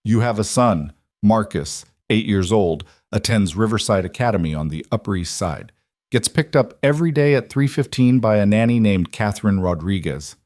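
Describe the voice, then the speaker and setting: A man voicing a cold, educated male crime boss who makes calm, veiled threats in a smooth voice. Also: lowish voice, normal speed, no echo, clean studio sound, close to an everyday voice. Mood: menacing.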